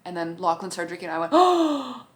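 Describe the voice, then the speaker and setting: A woman's voice: on the low side, monotone, rapid-fire. A woman talking casually to her camera about a TV show, swearing freely and acting out what the characters said. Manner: profane, chatty, acts out characters' lines. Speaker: TV show reviewer.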